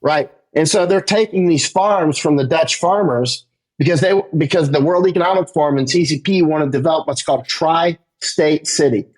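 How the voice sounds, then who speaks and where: This war correspondent talks at a moderate pace through an emphatic interview monologue, his pitch rising as he grows worked up, with "right?" tags appearing often.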